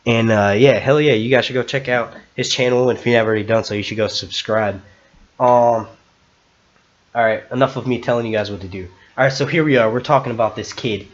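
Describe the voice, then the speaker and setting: A man's voice: medium pitch, brisk. Dude rambling on his live stream, cursing, restarting sentences, kinda muffled audio. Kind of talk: casual live-stream chat.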